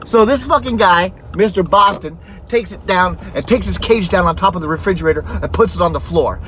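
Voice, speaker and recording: A man tells an anecdote in a loose, rambling way, swearing freely and circling back as he goes. His voice sits fairly high for a man. Faint noise runs underneath. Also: a little fast, fairly bright tone. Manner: rambling, profane, laid-back. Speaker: storyteller. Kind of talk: casual spoken anecdote.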